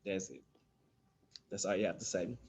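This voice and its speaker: With a deep, slightly rough voice, fairly even intonation and a moderate pace, a dental instructor explains dental terms in a loose, chatty manner. Ums pile up as he acts out children's and staff members' speech.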